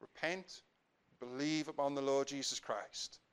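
A man preaching a sermon, swinging between loud emphatic stresses and quiet earnest appeals, slowing down on key phrases. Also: medium pitch, fairly even intonation, clean tone.

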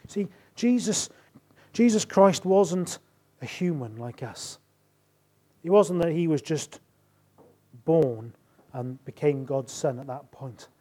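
A middle-aged man preaching a sermon, rising to emphatic bursts and dropping to quiet asides. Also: fairly high pitch, expressive, takes it slowly, long pauses.

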